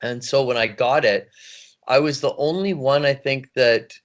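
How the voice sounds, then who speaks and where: A middle-aged man, a voice actor, chatting in an interview with a rambling, animated manner. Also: medium pitch, normal speed, dull audio. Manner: animated, rambling, laughs often. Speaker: voice actor, guest. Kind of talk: casual interview chat.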